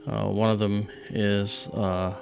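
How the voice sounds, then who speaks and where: A man with a lowish, gravelly voice hosts a live astronomy stream. He rambles through his explanations with plenty of ums and restarts. Faint music plays behind him. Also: flat delivery, takes it slowly. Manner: rambling, many fillers and restarts. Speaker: astronomy livestream host.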